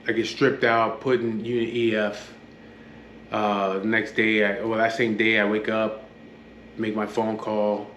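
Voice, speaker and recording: A man's voice: fairly low pitch, level tone, measured pace, a bit bright. A man tells his story in a blunt, matter-of-fact way, swearing freely. He plays the other people's lines in his own voice. The room echoes, and a faint hum sits behind him. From Los Angeles area. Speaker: guest telling his life story. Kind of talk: casual personal storytelling.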